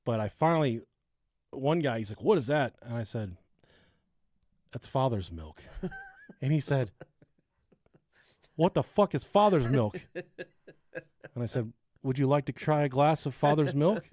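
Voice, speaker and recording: A man's voice: mid-range voice, animated, unhurried, long pauses, a little mellow, dry recording, clean studio sound. A man co-hosting a podcast, telling a true-crime story and chatting casually, swearing and laughing at his own jokes. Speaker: podcast co-host.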